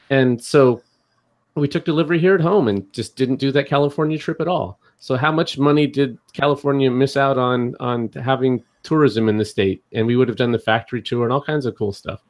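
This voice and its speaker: A man's voice: mid-range voice, normal speed. A man from Oregon on a podcast, arguing and explaining his point at length. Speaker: podcast co-host. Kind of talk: casual podcast chat.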